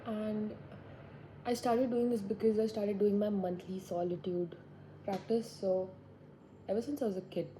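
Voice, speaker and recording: A woman's voice: medium pitch, steady tone, measured pace, pauses often, warm tone, a little hiss or hum, low-quality recording. A woman in her twenties, talking to herself in a reflective, rambling way as she sits indoors by a window. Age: 20s. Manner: musing, rambling, talks to herself. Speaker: vlogger. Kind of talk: reflective solo monologue.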